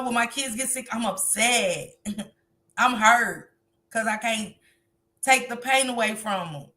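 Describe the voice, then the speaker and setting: Bright-voiced woman hosting a live stream. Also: on the high side. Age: grandmother. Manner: animated, talks straight to viewers. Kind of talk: casual live stream commentary.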